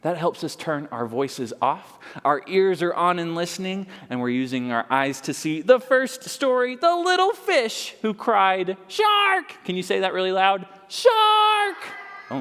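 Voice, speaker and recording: A man in a library reading a picture book aloud to children, playful and animated, asking them questions. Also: fairly high pitch. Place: library story room. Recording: long reverb in a large room.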